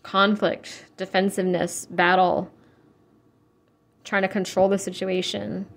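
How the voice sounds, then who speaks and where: A young woman giving a casual tarot reading, chatty and full of fillers, blunt and quick to swear. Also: medium pitch, little pitch movement, gravelly. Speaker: tarot reader.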